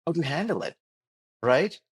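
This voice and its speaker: A man's voice: fairly high pitch, very animated, normal speed, husky, no room sound. Man, interview guest; earnest and explanatory, dry close mic. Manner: earnest, explains with repeated phrases and lists. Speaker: doctor and wellness program creator.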